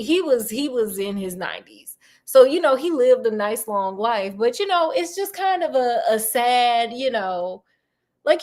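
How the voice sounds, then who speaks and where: A woman with a slightly high voice retelling a classic tale in a loose, chatty way. She drifts into asides and slang as she talks, like a host chatting with a friend. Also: a little mellow. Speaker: storytelling host. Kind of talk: casual retelling of a classic story.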